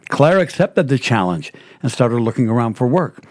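A man's voice: medium pitch, animated, moderate pace, hardly any pauses, a little mellow, dry recording. A man who produces a radio show, reading a case story on air in a studio with small stumbles.

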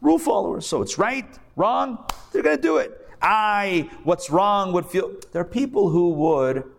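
A man's voice: high voice, lively intonation, unhurried, creaky. A man teaching a live class as a rabbi, talking conversationally and repeating phrases for emphasis. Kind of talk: live recorded lecture. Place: academy classroom before a live audience.

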